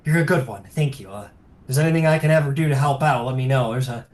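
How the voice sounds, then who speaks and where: A man's voice: mid-range voice, fast talker, lightly acted. A man voicing a flustered, grateful gnome tinkerer who stammers his thanks in a tabletop game.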